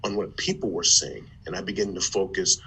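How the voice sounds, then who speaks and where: A man from Ohio, a former football player turned motivational speaker, telling his life story in an animated way with stammered restarts. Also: deep voice, a little fast, gravelly, slight background noise, poor audio. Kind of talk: conversational storytelling.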